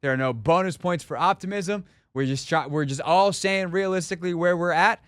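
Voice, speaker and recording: A man's voice: sits high, fairly quick, no echo. Emphatic male sports radio host. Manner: animated, emphatic, talks to callers.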